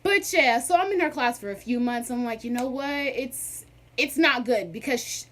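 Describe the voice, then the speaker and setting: A young woman vlogger telling a storytime in a sassy, animated, dramatic way. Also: on the high side, moderate pace. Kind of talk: casual storytime.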